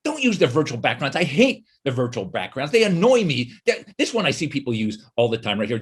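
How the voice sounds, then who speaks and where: A middle-aged man delivering a wry comedy monologue from his home office, full of quick asides and mocking voices. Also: on the high side, sing-song, husky.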